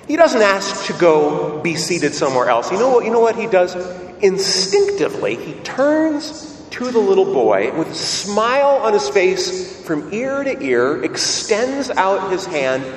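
A man preaching a sermon, telling a story in a lively way and asking his listeners questions. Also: sits high, measured pace, a little hiss or hum. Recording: echoey hall, mic at a distance, faint ambience.

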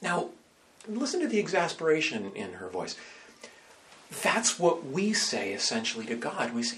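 A man, a priest, preaching a conversational sermon full of rhetorical questions, swinging between loud and soft. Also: a little high, wildly swooping pitch, moderate pace, a little hiss or hum.

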